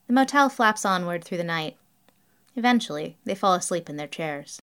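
Woman reading a story out loud, matter-of-fact, pitch moves a lot. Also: expressive, normal speed, smooth. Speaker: narrator.

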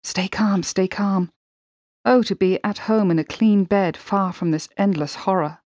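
A woman's voice: mid-range voice, measured pace, darkish tone, dry recording, studio quality, close to an everyday voice. Steadfast wartime ambulance driver, read by a woman. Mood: soothing, weary.

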